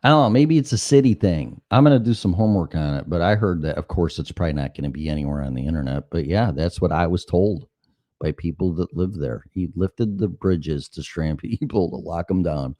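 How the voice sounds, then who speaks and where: Middle-aged male host, deep voice swinging wide, dry close sound, profane storyteller. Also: a little fast, dry recording. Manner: animated, profane, acts out dialogue. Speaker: talk show host. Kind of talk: casual chat, anecdotal storytelling.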